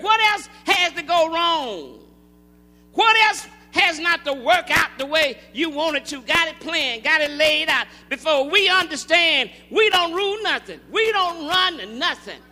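High, bright-voiced preacher in a reverberant hall. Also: male voice. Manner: rising into shouted, rhythmic preaching. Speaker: pastor. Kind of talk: call-and-response sermon. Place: large church sanctuary.

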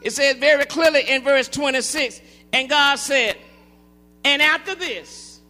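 A man preaching a call-and-response sermon to his congregation, building into shouted, rhythmic cadences. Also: very high voice, unhurried, faint music behind. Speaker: pastor. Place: large church sanctuary. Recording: long hall reverb.

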